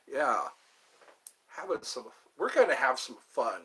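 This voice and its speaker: Male host, loose rambling talker, bright forward tone, wanders off topic often. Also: medium pitch, very animated, measured pace. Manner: rambling, chatty, thinks aloud and digresses. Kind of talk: casual livestream chat.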